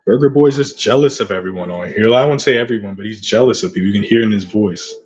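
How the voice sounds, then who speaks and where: A man's voice: lowish voice, fast, darkish tone, highs cut off, faint music behind. Profane, taunting man ranting on a vlog. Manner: aggressive, profane, taunting insults. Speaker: channel host.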